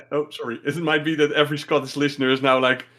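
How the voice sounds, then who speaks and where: A man hosting a podcast, halting and laughing easily, with lots of "uh" and restarts. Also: fairly high pitch, flat delivery, pushed and bright. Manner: hesitant, laughs often, many "uh" and restarts. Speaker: podcast host. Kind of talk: casual chat.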